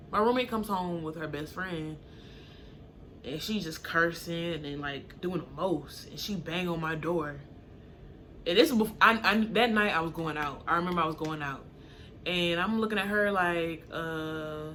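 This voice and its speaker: A young woman telling a story in a relaxed, chatty way, breaking into high, animated bursts when she acts out what she and others said. Her voice is bright and forceful, with a faint hiss in the background. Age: young adult. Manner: animated, acts out quotes with sudden high pitch jumps. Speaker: storytime vlogger. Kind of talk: casual storytelling to camera.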